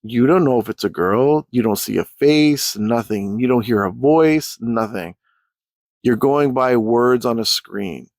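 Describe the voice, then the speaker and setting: A man's voice: mid-range voice, measured pace, a little mellow, no echo. A man telling a rambling, profane storytime rant as a YouTuber.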